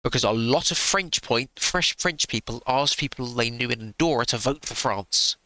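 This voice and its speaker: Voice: medium pitch, moderate pace, pushed and bright, no echo. A streamer giving sarcastic live reaction commentary into a close desk mic, swearing freely.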